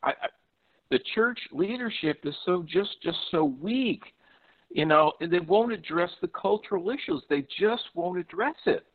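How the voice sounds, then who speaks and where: A man calling in to a talk show, talking haltingly with many fillers and restarts. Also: high voice, lively intonation, phone-quality sound. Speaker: caller. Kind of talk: call-in talk.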